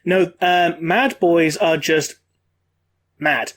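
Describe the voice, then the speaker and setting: A man with a notably high voice, co-hosting a podcast in easygoing chat. He explains lore patiently and knowledgeably. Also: extremely slow, a bit bright. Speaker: podcast co-host. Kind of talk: casual chat.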